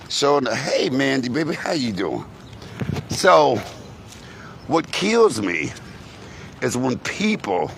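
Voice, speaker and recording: A man's voice: fairly low pitch, vocal fry, slight background noise. A man vlogging outdoors on a phone, telling a profane, insulting rant about family. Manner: animated, cursing, insulting storytelling. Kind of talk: profane ranting monologue. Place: outdoors, walking to a grocery store.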